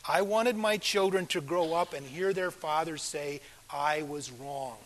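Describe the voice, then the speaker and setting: Older pastor preaching, high voice. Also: male voice, unhurried. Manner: earnest, swings between loud emphasis and soft quiet asides. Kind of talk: sermon.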